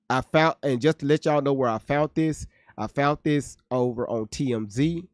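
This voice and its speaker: A man's voice: mid-range voice, unhurried, no echo. Man, livestream host, casual commentary, joking, cursing, reads chat aloud, dry close sound. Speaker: livestream host reacting to news.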